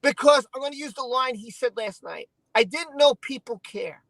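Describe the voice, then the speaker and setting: A man hosting a casual stream, venting in an emotional, halting, repetitive way. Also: very high voice, animated, vocal fry, a bit bright, no echo, low-quality recording. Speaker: channel host.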